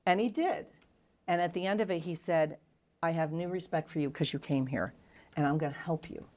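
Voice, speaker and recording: A middle-aged woman, a guest on an interview show, telling frank, self-deprecating stories in a candid and animated way. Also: low-pitched, brisk, muffled recording.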